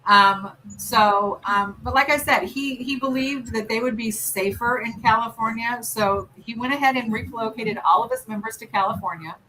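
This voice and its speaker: An American woman hosting a livestream in a relaxed, rambling way, full of ums and self-corrections. Her voice is bright and forward. A little faint noise sits behind her. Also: fairly high pitch, normal speed, few pauses, rough recording. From United States. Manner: rambling and chatty, lots of ums and restarts. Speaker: livestream host. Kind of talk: casual chat while doing nail art.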